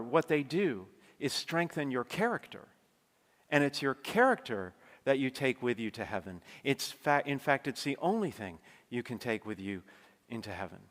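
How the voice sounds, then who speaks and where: Priest giving a sermon, mid-pitched man, conversational and emphatic, church echo. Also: a bit bright. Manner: conversational preaching, emphatic, speeds up when stressing points. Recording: long church reverb.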